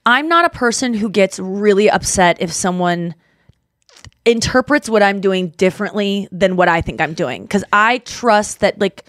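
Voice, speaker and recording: A woman hosting a podcast, talking in a casual, chatty way full of "like" and quick asides. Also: mid-range voice, no echo, clean studio sound. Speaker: podcast host. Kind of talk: casual chat.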